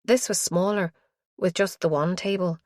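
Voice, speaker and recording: Low-voiced woman narrating a thriller. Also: steady tone, normal speed, a little mellow, no room sound, clean studio sound. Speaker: audiobook narrator. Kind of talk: scripted narration.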